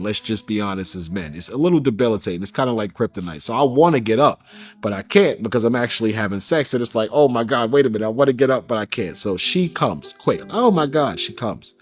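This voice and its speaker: A man giving an interview, recounting a personal story in a candid, casual way with slang, getting animated when he quotes others. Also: medium pitch, fast talker, faint music behind.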